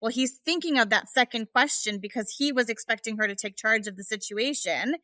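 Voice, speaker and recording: A woman on a podcast calmly explaining how a receptionist should guide a call, assured and clear. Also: fairly high pitch, brisk, dry recording. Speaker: podcast guest, front-desk expert. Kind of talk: casual podcast discussion.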